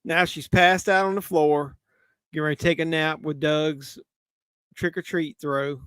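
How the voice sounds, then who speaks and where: A man's voice: fairly high pitch, fairly even intonation, normal speed, fairly bright tone, smooth, no echo, studio quality. A man with a Southern drawl hosting a casual movie watch-along livestream, joking loosely while drinking. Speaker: livestream host.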